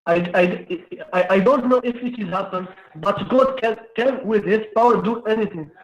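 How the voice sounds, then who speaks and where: A man's voice: sits high, normal speed. A man calling into a debate, defensive and repeating short phrases. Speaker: caller. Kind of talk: heated debate. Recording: dull lo-fi call line.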